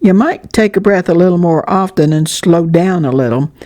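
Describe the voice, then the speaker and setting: A woman's voice: fairly low pitch, normal speed, lightly acted. Woman voicing a good-humored male pastor. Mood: teasing. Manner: gently teasing.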